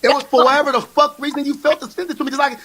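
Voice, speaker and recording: A man arguing in a heated livestream, sharp, profane and interrupting. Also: very high-pitched, flat delivery, racing, a crowd in the background. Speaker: live stream participant.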